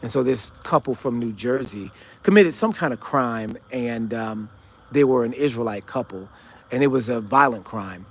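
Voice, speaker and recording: A man's voice: mid-range voice, expressive, normal speed. Rambling man telling a story. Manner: rambling, conversational, many fillers and restarts. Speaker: show host recounting an encounter. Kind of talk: casual storytelling monologue.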